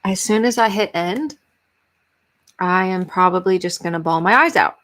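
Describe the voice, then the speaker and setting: A woman's voice: on the low side, expressive, moderate pace, fairly bright tone, a little hiss or hum. An American woman hosting a casual live-stream question session, talking in a rambling way and correcting herself as she goes. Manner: rambling, self-correcting, filler-heavy.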